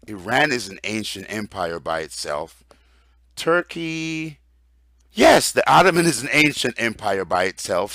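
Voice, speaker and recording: A man giving an informal religious lecture, rambling through lists with many fillers and turning loud and excited at times. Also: medium pitch, no room sound, clean studio sound. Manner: grows loud and excited, laughs. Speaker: religious teacher.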